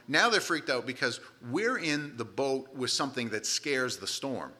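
Animated bright-voiced male preacher. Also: mid-range voice, moderate pace. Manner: animated, dramatic storytelling with quoted voices. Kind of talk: sermon.

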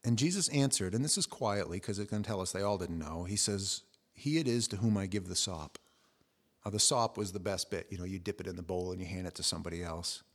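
A middle-aged man preaching a sermon, telling the story with lively, acted-out quotes. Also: fast talker, hardly any pauses. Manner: animated storytelling, acting out quotes with jumps in pitch and volume. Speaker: pastor.

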